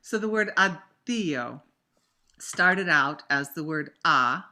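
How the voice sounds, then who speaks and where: A woman coaching opera singers over a video call, her voice bright and clear, her delivery unhurried and deliberate. She stays chatty and encouraging, then now and then belts out a demonstration word. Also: sits low, animated. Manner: demonstrative, acts out diction examples with sudden loud bursts; conversational, warm coaching with fillers. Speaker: opera coach leading a master class. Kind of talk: virtual master class teaching.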